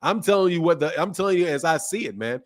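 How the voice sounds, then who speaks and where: A man's voice: a little high, animated, fast talker. A man hosting a casual boxing livestream, reading viewer comments in a slangy, laid-back way, with a sore throat. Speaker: boxing channel host. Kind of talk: casual livestream chat reading super chats.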